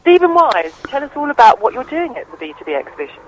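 Cheeky high-voiced man on a phone line. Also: very animated, fast. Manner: cheeky, playful, laughing. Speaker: radio co-host on location. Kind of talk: casual live radio banter.

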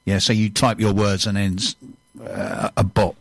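A man's voice: fairly low pitch, little pitch movement, normal speed, creaky, no room sound. An older man from England hosting a casual business chat, rambling and restarting as he tells stories. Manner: rambling storyteller with repeated restarts.

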